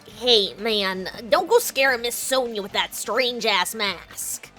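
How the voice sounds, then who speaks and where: A brash young male mechanic, rough-mouthed and easily rattled, blurting exclamations, as a woman puts him on. The voice is high and unhurried. Faint game music sits behind him. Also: lively intonation, fairly bright tone. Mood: annoyed. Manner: rough-spoken, exclaiming, slangy. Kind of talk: reading game dialogue aloud with voices.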